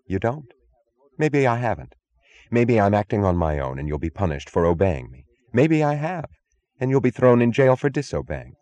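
A man's voice: lowish voice, very animated, moderate pace, a little mellow, voice pushed up. A man reading an audiobook, voicing a cool, commanding woman executive in a level, firm voice. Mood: cold, commanding.

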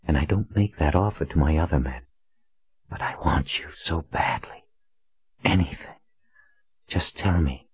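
A breathy, teasing young woman who coaxes in soft murmurs, played by a male narrator. Her voice stays husky and close, in a dull, muffled recording. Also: very deep voice, a little slow, pauses often, dry recording, exaggerated voice. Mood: coaxing.

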